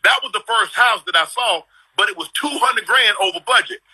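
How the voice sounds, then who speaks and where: Husky, bright-voiced middle-aged man. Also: high-pitched, fairly quick, rough recording. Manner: storytelling, emphatic, slangy. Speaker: host. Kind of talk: casual chat. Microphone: video call.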